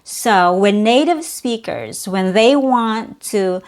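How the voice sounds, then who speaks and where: A woman's voice: mid-range voice, lively intonation, slow pace. A woman teaching English pronunciation, modeling each sound and repeating words carefully. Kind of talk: slow, clear pronunciation lesson.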